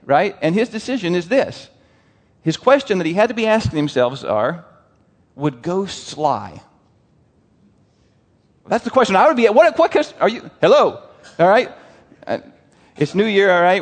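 Man, preacher, animated sermon, fairly high voice, long reverb. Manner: animated, asks the crowd questions, lively quoted voices.

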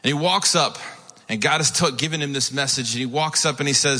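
A man's voice: medium pitch, fairly quick, pushed and bright. A man preaching a sermon as a pastor, retelling a story in a casual, conversational way with asides. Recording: echoey hall.

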